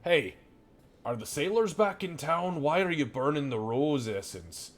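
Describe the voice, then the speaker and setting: A man voicing a gruff, foul-mouthed male butcher who swears and blusters in a tabletop game. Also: on the high side, lively intonation, a little slow, pitched above the performer's own voice. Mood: outraged.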